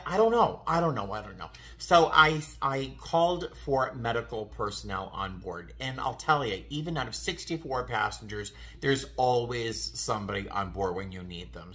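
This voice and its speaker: Bright-voiced man telling a story. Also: mid-range voice. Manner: animated, self-interrupting, laughs at himself. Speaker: flight attendant. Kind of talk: casual vlog storytelling.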